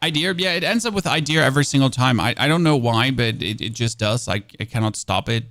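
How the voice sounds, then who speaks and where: A man's voice: mid-range voice, a little fast, fairly bright tone, no echo. German-accented man, casual game commentary, mid voice, dry close-miked. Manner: chatty, self-mocking, frequent fillers and restarts. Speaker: streamer. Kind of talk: casual gameplay commentary with chat.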